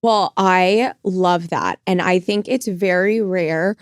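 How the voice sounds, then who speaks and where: A woman's voice: lowish voice, slow pace, clear, resonant tone, no room sound, clean studio sound. A woman in her thirties co-hosting a chat show, speaking in a wry, teasing way. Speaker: co-host. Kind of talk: casual chat.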